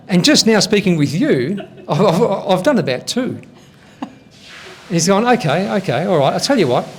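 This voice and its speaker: A man's voice: sits high, a little hiss or hum. A man hosting a comedy show and telling jokes in an easygoing, hesitant way, on stage. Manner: easygoing, hesitant storyteller with filler words.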